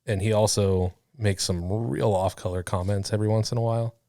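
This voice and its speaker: A man's voice: fairly low pitch, steady tone, brisk, dark tone, no echo, studio quality. A man co-hosting a casual podcast, laid-back and wry, laughing often. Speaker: podcast co-host. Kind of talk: casual chat.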